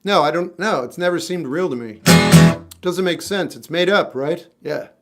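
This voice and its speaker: Guitar plays behind this fifty-something singer-songwriter as he casually fields livestream comments, his replies blunt, wry and offhand. His voice sits on the high side and moves at a normal speed.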